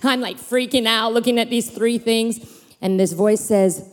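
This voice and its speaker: A woman preacher in her thirties telling personal stories in an animated sermon, acting out voices and leaping in pitch. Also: moderate pace. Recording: long hall reverb.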